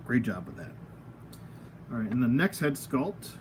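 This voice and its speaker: A channel host reviews toys at home at a table of figures in a casual, unscripted way, goofy and rambling, laughing at himself as he goes. His medium-pitched voice is very animated yet unhurried, with a darkish tone and slight background noise.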